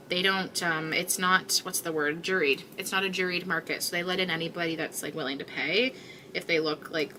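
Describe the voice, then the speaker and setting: A woman's voice: on the low side, noisy background. A woman hosting a crochet livestream, chatting casually with viewers in a rambling way with many fillers, tired and yawning. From Canada.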